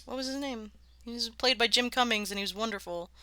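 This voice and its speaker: A woman's voice: on the high side, quick pace, pushed and bright, no room sound. A woman streaming live, chatting casually and swearing freely as she worldbuilds and sounds out words, laughing often.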